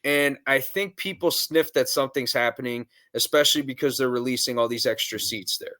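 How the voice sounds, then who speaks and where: A man's voice: mid-range voice, fairly quick, bright, forceful tone. A man hosting a wrestling podcast, talking in casual, blunt chat and swearing freely. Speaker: podcast host.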